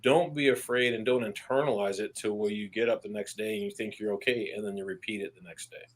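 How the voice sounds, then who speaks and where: A man who is an army veteran, talking candidly as a podcast guest, plain-spoken and earnest, with casual swearing and halting restarts when he stresses a point. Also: fairly low pitch. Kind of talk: candid podcast interview conversation.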